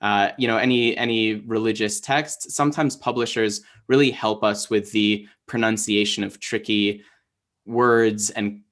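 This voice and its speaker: Guy teaching hebrew on a video call, lowish voice, chatty and patient, lots of ums. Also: fairly even intonation, measured pace, fairly bright tone. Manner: chatty, patient, many fillers and restarts. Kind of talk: online class screen-share explanation.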